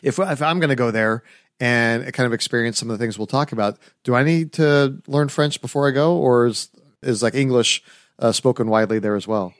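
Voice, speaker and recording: A man's voice: medium pitch, fairly quick, no echo, clean studio sound. Chatty American man hosting an interview. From United States. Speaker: podcast host. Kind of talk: casual interview.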